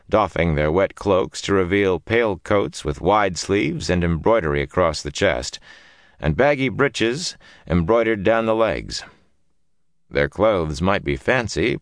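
A man reading a fantasy audiobook in an expressive, dramatic storytelling manner. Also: sits low, dry recording, clean studio sound. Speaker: narrator. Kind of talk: audiobook narration.

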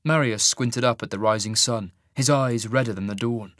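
A man narrating a fantasy story in an expressive, scripted reading. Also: lowish voice, normal speed, dry recording, clean studio sound. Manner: expressive, rising sharply for the hero's angry lines. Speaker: audiobook narrator.

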